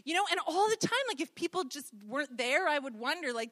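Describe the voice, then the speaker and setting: A woman's voice: high-pitched, expressive, a little fast, few pauses, fairly bright tone. A woman preacher giving a conversational sermon, telling stories with humor. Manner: chatty, storytelling with humor.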